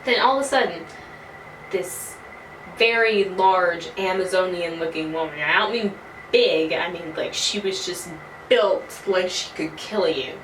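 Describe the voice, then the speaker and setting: Young woman, early 20s, animated storyteller who swears freely, recorded on a camera mic from a distance in a roomy space. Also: fairly low pitch, a little slow. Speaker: vlogger. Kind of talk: casual storytelling. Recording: roomy, from a distance, faint noise.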